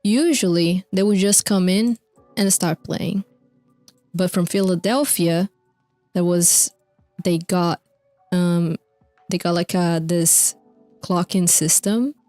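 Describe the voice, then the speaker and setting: A woman's voice: on the low side, slow pace, pauses often, mellow, no echo, faint music behind. A young woman streamer casually recapping concert lore, rambling with fillers, swearing and laughing often. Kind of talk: casual chat over video clips.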